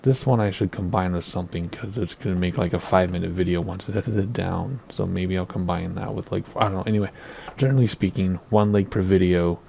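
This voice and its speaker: A man's voice: low-pitched, steady tone, brisk, creaky, dark tone, slight background noise. A man in his thirties hosting a flight simulator video in casual, rambling commentary. He hesitates and wavers over how to pronounce place names. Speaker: flight sim video host.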